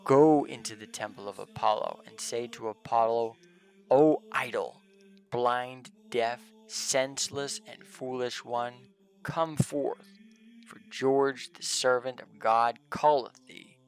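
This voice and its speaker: A man's voice: medium pitch, takes it slowly, clean tone. A man voicing a fearless male martyr saint, reading his commands in solemn archaic English. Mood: commanding.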